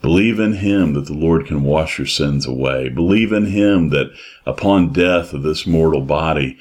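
A man preaching a sermon in a slow, emphatic way, repeating his phrases. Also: rumbling low.

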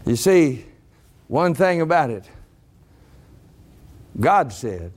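A man preaching a sermon to a congregation, rising to shouted emphasis. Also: on the high side, lively intonation, slow, long pauses. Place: church congregation.

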